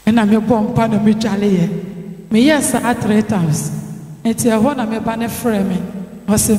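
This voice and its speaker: Woman, Ghanaian accent, church testimony, lively storytelling, echoey hall, long reverb. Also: a little high, normal speed. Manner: lively storytelling, acting out dialogue. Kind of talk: spoken testimony.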